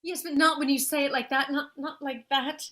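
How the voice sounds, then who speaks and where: A woman's voice: high voice, fairly even intonation, brisk, a bit bright, slight background noise. A woman playing an anxious, pleading noblewoman. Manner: emotional, pleading. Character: anxious aristocratic woman, estate owner. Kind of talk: stage play acting.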